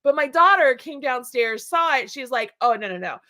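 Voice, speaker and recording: Female host, high bright voice, casual chat, lively storyteller with frequent laughs. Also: moderate pace. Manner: animated storytelling, laughs often. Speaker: show host. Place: home.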